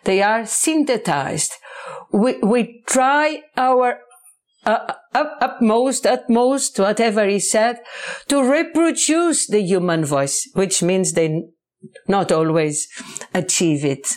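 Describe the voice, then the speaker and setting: A woman, a book author answering interview questions in English, halting and searching for words. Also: medium pitch, darkish tone.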